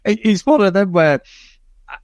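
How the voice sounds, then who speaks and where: A man's voice: high-pitched, very animated, moderate pace, dry recording. A man with a Mancunian accent co-hosting a podcast, chatting casually and rambling with lots of swearing. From Manchester, England. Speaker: podcast co-host. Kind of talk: casual film review chat.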